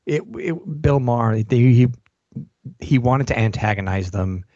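A man's voice: medium pitch, unhurried, dark tone, dry recording. A man co-hosting a wrestling podcast, recounting a show in a hesitant way. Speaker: podcast co-host. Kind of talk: casual wrestling chat. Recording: dry, dull lo-fi sound.

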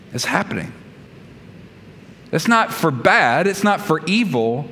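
Pastor, male, slightly high voice, emphatic sermon with repeated points, long hall reverb from a church sanctuary. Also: very animated, slow pace, pauses often, pushed and bright, a little hiss or hum. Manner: emphatic, repeats key phrases, numbered points.

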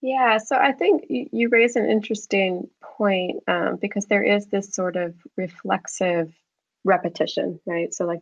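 A woman's voice: medium pitch, fairly even intonation, unhurried, vocal fry, dry recording. A woman guest expert explaining research in an easygoing way, often with light laughs, heard through a slightly dull, lo-fi sound. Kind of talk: conversational interview.

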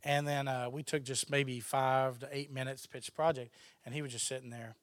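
A man from Texas, USA, is a guest telling a casual story in a mid-range voice at a brisk pace, with no room sound. He's animated, laughs often, and acts out what other people said.

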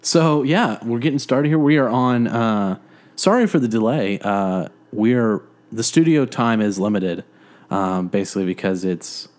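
A man's voice: medium pitch, expressive, measured pace, darkish tone. Casual male podcast co-host, self-deprecating, rambly, filler-heavy, recorded at home. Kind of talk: casual joking podcast chat. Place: living room.

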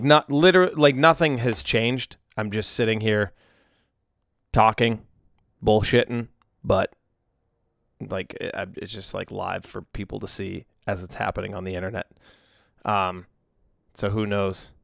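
A rambling man in his thirties chats alone on his livestreamed podcast, full of ums and self-corrections. His voice comes through smooth and resonant, recorded close and dry with almost no room sound. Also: on the low side, a bit bright, no echo. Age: 30s. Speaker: musician podcast host. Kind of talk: casual solo podcast chat. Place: home in Nashville. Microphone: tablet and phone livestream.

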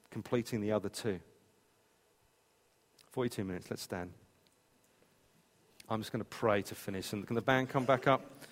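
Pastor preaching in a reverberant hall. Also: male voice, medium pitch. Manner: animated storytelling, acts out quotes. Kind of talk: sermon. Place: church hall.

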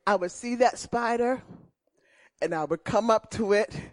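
A middle-aged woman preaching a sermon, telling personal stories in an animated way and repeating key phrases. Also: fairly high pitch, unhurried.

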